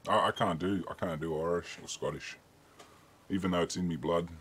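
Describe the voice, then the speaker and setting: A very deep, husky-voiced man from Australia hosts a casual chat. He is easygoing, laughs a lot and lets swear words slip out freely. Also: fairly even intonation, a little fast, fairly bright tone. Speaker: host.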